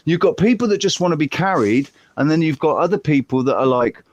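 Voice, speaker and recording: A man hosting a casual live group chat, rambling and animated, acting out little voices and swearing now and then. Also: on the high side, a little fast, no room sound, dull audio. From Western Australia.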